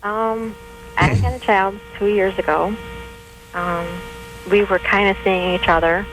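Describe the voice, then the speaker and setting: A woman in her twenties calling a radio show, explaining her situation in a hesitant, halting way. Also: medium pitch, fairly even intonation, slight background noise, poor audio. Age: 20s. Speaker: caller. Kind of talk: phone-in call.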